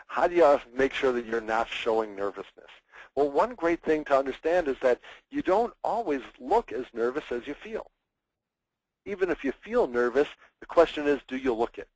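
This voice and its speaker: A man teaching public speaking in a webinar, energetic and expressive, acting out examples in mock voices. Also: medium pitch, no room sound, low-quality recording. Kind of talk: webinar presentation.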